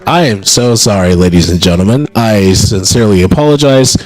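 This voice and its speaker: A man hosting a casual livestream announcement, rambling and apologetic between drawn-out hype shouts of names. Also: on the low side, no room sound, faint music behind, low-quality recording. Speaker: streamer hosting an announcement stream.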